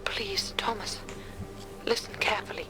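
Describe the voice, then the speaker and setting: An actress voicing a frightened young woman hiding in an attic in a game, with a British accent and hushed, pleading, old-fashioned speech. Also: medium pitch, fairly even intonation, normal speed, whispered, close to an everyday voice, rough recording.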